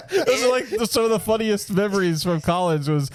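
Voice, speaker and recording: A man co-hosting a podcast, chatting casually and telling animated stories with lots of restarts. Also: sits high. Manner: animated storyteller with many restarts. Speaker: podcast co-host. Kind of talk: casual chat.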